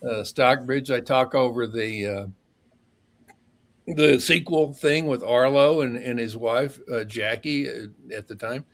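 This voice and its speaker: A man's voice: mid-range voice, a bit bright. An older man, a podcast guest, telling a rambling personal story in a casual way, laughing at his own tale and acting out the lines of the people in it. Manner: acts out quoted dialogue.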